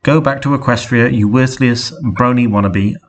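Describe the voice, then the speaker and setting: A man's voice: medium pitch, normal speed, lightly acted. A man voicing a rude, scornful male earth pony who picks on a stranger.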